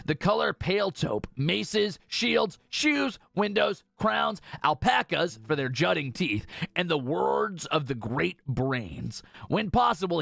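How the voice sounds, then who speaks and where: Brief: male game streamer, very gravelly fry, lively swooping delivery, dry close sound. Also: on the high side, no room sound. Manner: animated, reads game text aloud with excited asides. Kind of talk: casual gameplay commentary.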